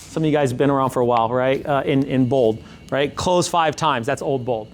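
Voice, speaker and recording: A man's voice: mid-range voice, steady tone, fast, a little mellow, slight background noise. A middle-aged man as a sales coach, talking emphatically and repeating his points in a coaching session.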